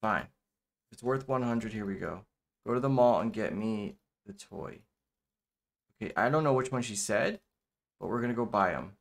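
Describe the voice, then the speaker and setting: A man's voice: lowish voice, lively intonation, normal speed, vocal fry, pauses often. A man giving casual let's-play commentary, rambling with lots of fillers and repeated "okay.". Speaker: gameplay commentator.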